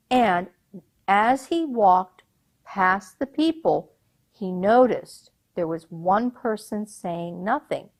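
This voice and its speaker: Brief: expressive woman folk-tale teller, slow and deliberate. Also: medium pitch. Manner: expressive, unhurried, asks listeners questions. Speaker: storyteller. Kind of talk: telling a folk tale to an audience.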